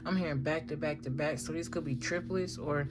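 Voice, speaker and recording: A woman's voice: low-pitched, fairly even intonation, brisk, loud music behind the voice. A woman giving a casual tarot reading, talking in a slangy, emphatic way and swearing freely. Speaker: tarot reader.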